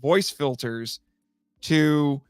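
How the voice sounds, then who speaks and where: A man's voice: fairly high pitch, very slow, darkish tone, smooth, no echo, clean studio sound, soft background music. Laughing, chatty male podcast co-host. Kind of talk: casual chat.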